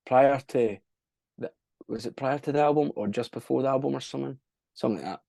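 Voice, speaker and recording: A man's voice: medium pitch, fast talker, vocal fry, mellow, no echo. A young Scottish man, a band frontman, chatting casually as a podcast guest, rambling, swearing freely and losing track of dates. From Scotland. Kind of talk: casual interview chat.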